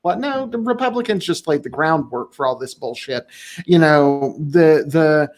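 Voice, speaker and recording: A man hosting a casual podcast discussion, talking in a blunt, profane and animated way. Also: a little high, moderate pace. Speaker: podcast host.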